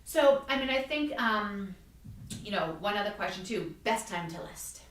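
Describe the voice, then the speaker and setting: A woman's voice: mid-range voice, expressive, normal speed, fairly bright tone. Chatty woman agent in an echoey room. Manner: chatty storyteller, acts out quotes. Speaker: real estate agent and podcast host. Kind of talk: casual podcast chat. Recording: echoey room, mic at a distance.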